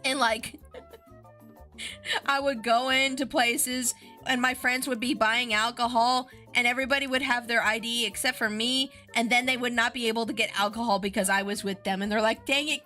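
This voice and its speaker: A woman's voice: fairly high pitch, fairly even intonation, moderate pace, sharp tone, faint music behind. A woman streamer chatting casually, rambling with lots of fillers and giggles. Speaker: VTuber streamer.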